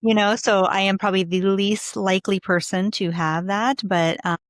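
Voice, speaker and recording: A woman's voice: mid-range voice, fairly even intonation, normal speed, no echo, clean studio sound. A woman hosting a podcast, chatting casually with her guest, with lots of "you know" and "like" fillers. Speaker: podcast host. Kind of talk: casual interview chat.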